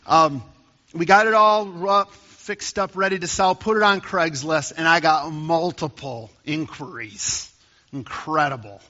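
A man's voice: on the high side, unhurried, sharp tone, in a large hall, highs cut off. A man preaching a sermon as pastor, telling a personal story in a conversational way with rising emphasis. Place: church.

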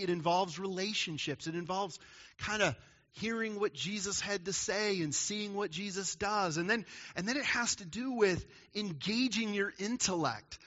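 A pastor with a high, bright voice and a forceful tone preaches a sermon in a conversational way, asking his listeners questions. The sound is lo-fi.

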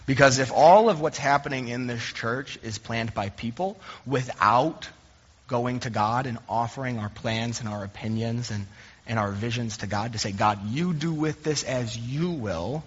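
Pastor, young adult male, conversational sermon delivery with self-deprecating humor, husky tone, muffled long-reverb room. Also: mid-range voice, moderate pace. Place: church sanctuary. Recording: dull recording in a reverberant hall.

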